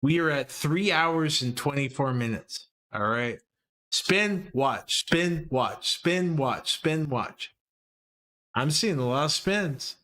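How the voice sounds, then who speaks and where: A man's voice: on the high side, expressive, takes it slowly, fairly bright tone. A man streaming live, chatting crudely and casually with his chat in slang.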